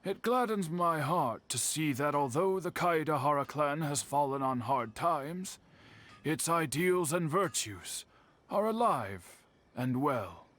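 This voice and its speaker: An actor playing an elderly, patient master bladesmith in a game, speaking in a measured, formal way. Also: male voice, on the high side, animated, a bit bright. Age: older. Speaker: game character. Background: game music.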